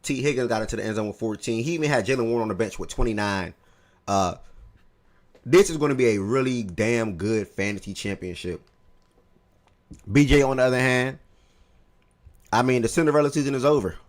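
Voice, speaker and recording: A man hosting a casual fantasy football talk show, animated and profane, swinging between heated outbursts and low mutters. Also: fairly quick, pauses often. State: eating oatmeal while talking. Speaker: podcast host.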